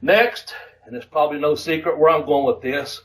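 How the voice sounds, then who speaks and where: Male podcast co-host, fairly high voice, foul-mouthed animated ranting, a little distant from the mic. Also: normal speed. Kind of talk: casual podcast rant.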